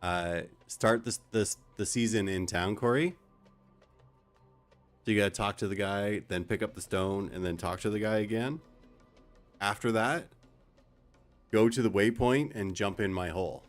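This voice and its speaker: A male game streamer in a relaxed, joking chat with viewers, talking a friend through the game. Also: on the low side, normal speed, faint music behind. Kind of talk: casual gaming chat with viewers.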